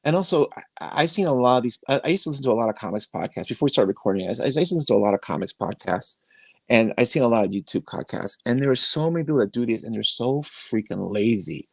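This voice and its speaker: Male podcast host, mid-pitch, emphatic and rambling, dry close phone recording from a bedroom. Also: expressive, quick pace, gravelly, no room sound. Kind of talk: casual interview chat. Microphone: iPhone.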